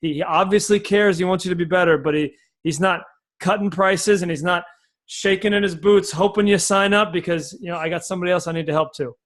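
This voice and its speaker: A man speaking as a sales coach on a podcast, explaining his method in an energetic, folksy way and repeating key phrases. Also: high-pitched, fairly quick.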